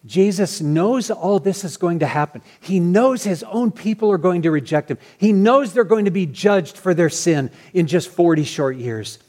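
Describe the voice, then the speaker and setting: A man preaching a sermon as pastor, earnest and animated, sometimes restarting his phrases. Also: sits high, normal speed, few pauses.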